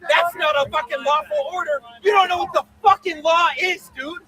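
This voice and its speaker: A man with a very high voice shouts and taunts at officers during an outdoor street protest. He swears constantly and mocks them, and a loud crowd roars around him. The recording is rough and crowded. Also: fairly even intonation, normal speed, noisy background. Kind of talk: shouted confrontation.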